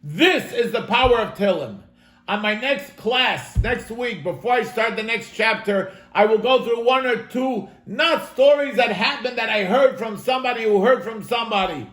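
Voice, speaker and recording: A man's voice: high voice, normal speed, a bit bright, echoey room. A man, a rabbi, telling a story in an earnest, dramatic manner as he teaches a class. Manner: earnest, dramatic storyteller addressing listeners as "my friends". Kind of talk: storytelling sermon-style lesson. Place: home, online class.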